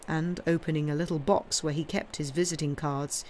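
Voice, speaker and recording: A woman reading a classic novel aloud on a livestream, narrating in an even, measured way. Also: deep voice. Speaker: reader.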